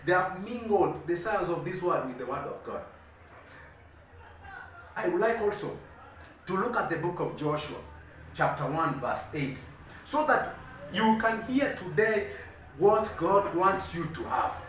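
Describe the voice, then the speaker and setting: A man preaching a sermon as an evangelist, reading scripture slowly and building his points with rising emphasis. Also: high-pitched, animated, fairly bright tone, slight background noise. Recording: very echoey room, heard from a distance.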